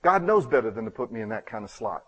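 A man preaching a sermon as a pastor, telling a personal story with acted-out dialogue and self-deprecating asides, with loud emphatic bursts. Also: medium pitch, big pitch swings, quick pace, breathy edge, low-quality recording.

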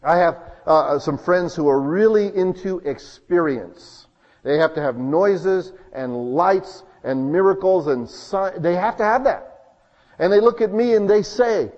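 A man preaching a sermon as pastor, talking conversationally and swinging between loud emphasis and hushed asides. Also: a little high, expressive, normal speed, long reverb tail, dull audio.

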